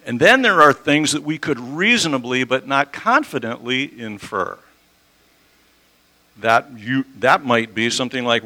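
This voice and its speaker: A man's voice: mid-range voice, animated, measured pace, pushed and bright, rough recording. A man preaching an expository sermon as a pastor in a church, talking conversationally and asking his listeners questions. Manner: conversational, asks the audience questions. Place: church sanctuary.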